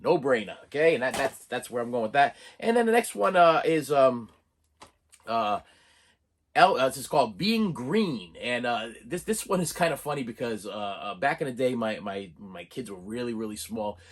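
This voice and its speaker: A middle-aged man with a mid-range, expressive voice talks to camera at a moderate pace while reviewing a movie haul for his channel. He rambles casually, often restarting, stammering and chuckling.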